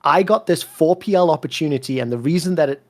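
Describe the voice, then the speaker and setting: A man with a soft, worn-down South African accent that drifts toward British, talking at a fairly high pitch. He tells his story bluntly and emphatically in a relaxed interview and swears freely. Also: fast. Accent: soft South African, mixed with British and American. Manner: emphatic, swears freely, repeats words when fired up. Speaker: esports commentator, interview guest.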